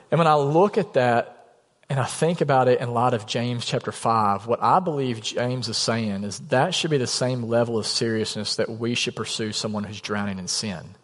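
A man of medium pitch delivers a sermon in a relaxed, conversational way, slipping into little acted-out quotes. His voice carries a long reverb tail from a large church hall. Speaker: pastor. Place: church sanctuary.

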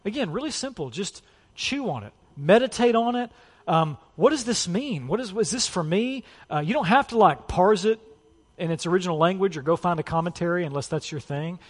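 A man's voice: high voice, animated, fairly quick. A man in his thirties preaching a sermon in a casual, conversational way, full of "like" and "you know". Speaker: pastor. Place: church sanctuary. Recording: long church hall reverb.

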